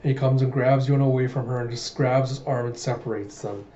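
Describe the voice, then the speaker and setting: A man's voice: mid-range voice, steady tone, brisk, warm tone, slight background noise. A man casually retelling a comic as he reads through it, chatty and full of "he's like" asides. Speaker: comic reader and reviewer. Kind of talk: casual comic readthrough narration. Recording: roomy, dull home recording.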